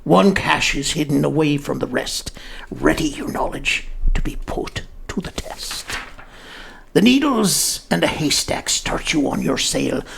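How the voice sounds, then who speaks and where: A gruff old pirate, as a man puts him on, reciting verse in a deeply gravelly voice. The delivery is slow and swings widely in pitch. Faint noise hums behind it. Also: very animated, a bit bright, heavily acted. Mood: theatrical.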